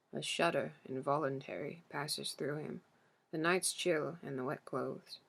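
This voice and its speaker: Brief: woman audiobook narrator, unhurried measured delivery with a gravelly edge. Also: low-pitched, fairly even intonation. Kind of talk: first-person literary narration.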